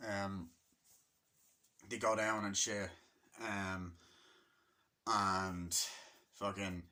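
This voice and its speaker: A young man giving a casual, rambling movie review, swearing often and filling pauses with ums. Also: sits low, steady tone, pushed and bright. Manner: rambling and profane, full of fillers.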